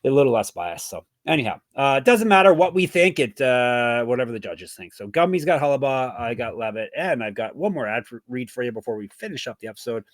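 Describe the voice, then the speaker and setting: Casual Canadian co-host, mid-pitched man, easygoing and halting, dry close mic. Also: no room sound. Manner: relaxed, halting with many fillers. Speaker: podcast co-host. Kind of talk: casual podcast chat and ad reads.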